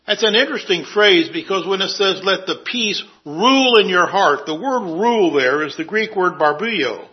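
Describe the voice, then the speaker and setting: A man preaching a sermon, earnestly citing scripture and dropping his voice for quiet emphasis. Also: on the high side, dull audio.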